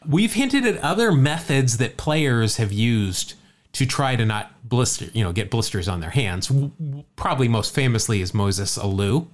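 A man's voice: mid-range voice, lively intonation, normal speed. A man co-hosting a casual podcast, telling a jokey baseball story, often stumbling and repeating words.

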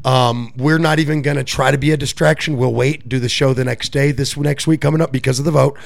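Gravelly man on a podcast. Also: mid-range voice, fairly even intonation, brisk. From Puerto Rico. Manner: loose, swearing, laughs often. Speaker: podcast co-host. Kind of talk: casual chat.

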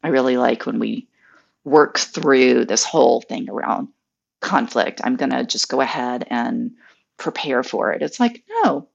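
A woman with a very deep voice and lots of vocal fry speaks in a relaxed, measured way. She sounds like a coach in a casual podcast conversation. The audio is dull and lo-fi, as if from a remote call.

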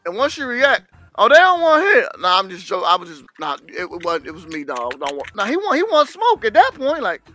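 A man's voice: high-pitched, brisk, hardly any pauses, faint music behind. A man co-hosting a casual chat, telling road stories and acting out angry drivers with swearing. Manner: animated, acts out angry drivers with profanity. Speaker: podcast co-host.

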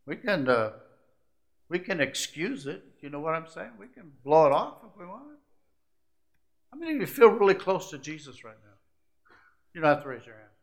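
A man preaching a sermon, shifting from hushed, confiding asides to rising, emphatic climaxes that stack short repeated phrases. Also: on the high side, very animated, normal speed, long pauses. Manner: repetitive, building lists of short phrases.

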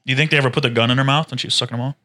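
A young podcast co-host with a bright, mid-pitched voice. He delivers crude, absurd jokes in a flat, deadpan way. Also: very fast. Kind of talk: crude casual banter.

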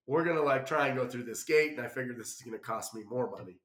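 Quick-paced and medium in pitch, a man spins an animated, rambling anecdote about a travel mishap, voicing people's lines as he goes. The recording carries a roomy echo.

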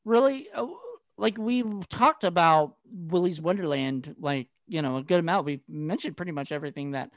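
A man's voice: fairly high pitch, dry recording. A man co-hosting a podcast, talking about movies with frequent laughs, fillers and restarts. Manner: laughing often, halting, filler-heavy. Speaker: podcast co-host. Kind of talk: casual movie chat.

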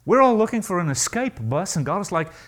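In a high, sing-song voice, a man preaches emphatically, putting rhetorical questions to the congregation and slowing down to stress key phrases.

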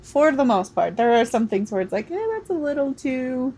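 A woman's voice: high voice, lively intonation, normal speed, mellow, a little hiss or hum. A woman co-hosting a casual chat, giggly and teasing, full of fan enthusiasm. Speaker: podcast co-host.

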